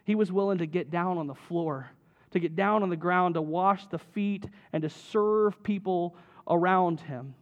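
A man with a high, light voice delivers a sermon to his church. He talks in a loose, conversational way, full of "you know" and "right?", sliding his pitch up and down as he goes. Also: measured pace, dull audio. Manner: conversational, with many fillers and tag questions. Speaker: pastor.

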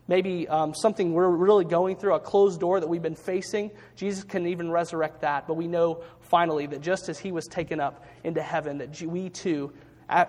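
An earnest male pastor preaching, his voice sitting a little high for a man. He restarts phrases and slows down to stress key words. His sermon rings out with a long reverb. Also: a little mellow.

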